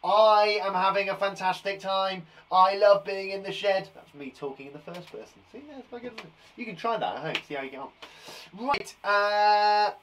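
A man's voice: high voice, normal speed, a bit bright, slight background noise. Upbeat British man teaching young kids. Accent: British English. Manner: upbeat and encouraging, playful asides. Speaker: primary school teacher. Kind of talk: lively online lesson for young children.

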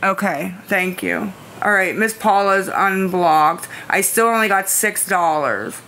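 A woman's voice: medium pitch, takes it slowly, sharp tone, slight background noise. A woman livestreaming who answers viewer comments in casual chat, anxious, pleading and defensive, rambling and repeating herself. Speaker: livestreamer asking viewers for money.

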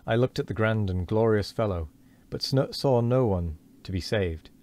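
Deep-voiced man reading a novel aloud. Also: animated, moderate pace, darkish tone. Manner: earnest reading with frequent stumbles and self-corrections.

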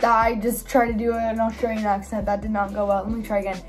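A bubbly young woman talks through her day for a vlog, her voice sitting a little on the high side. She's chatty and loose, filling gaps with "like" and "um". Faint music runs softly underneath. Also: level tone, fast talker. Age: young adult. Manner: chatty, filler-heavy, bubbly. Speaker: vlogger. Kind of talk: casual vlog chat.

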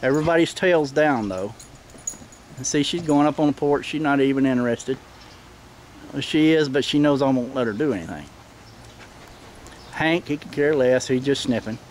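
A middle-aged man, filming himself outdoors in a backyard and explaining things plainly in a firm voice that turns sharp when he barks commands. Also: mid-range voice, normal speed, long pauses, slight background noise. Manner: plain-spoken, firm commands with sudden sharp shouts at the dogs. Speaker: dog owner filming his own pack. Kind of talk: casual instructional narration. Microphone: handheld camera mic.

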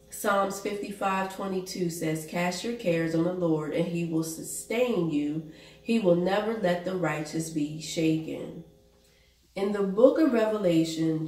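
A woman pastor preaching a sermon, reading Bible verses aloud in a deliberate way. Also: lowish voice, darkish tone. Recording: echoey room, voice from a distance.

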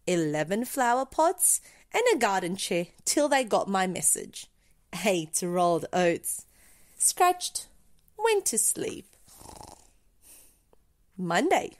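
A woman reading a children's picture book aloud, expressive and playful, with deliberate pauses between short phrases. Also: medium pitch.

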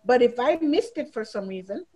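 Lively teacher lady, bit higher voice, acts out the kids when she tells stories. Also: normal speed, husky, rough recording. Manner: animated, acts out students' voices in quotes. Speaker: teacher giving a training talk. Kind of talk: storytelling presentation.

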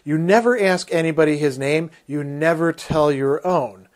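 Man voicing a gentle village schoolmistress from a storybook fantasy, quizzing her pupils and correcting them patiently. Read aloud close to his own voice. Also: on the high side, normal speed, natural voice.

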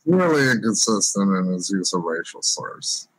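A man co-hosting a podcast with wry, joking commentary in a husky voice. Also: fairly low pitch, sing-song, moderate pace, rough recording. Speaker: podcast co-host. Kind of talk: casual podcast chat.

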